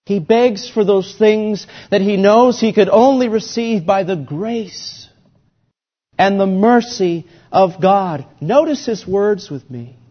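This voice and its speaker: A man preaching a sermon in a deliberate, emphatic way, his volume swelling and dropping. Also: high-pitched, lo-fi sound.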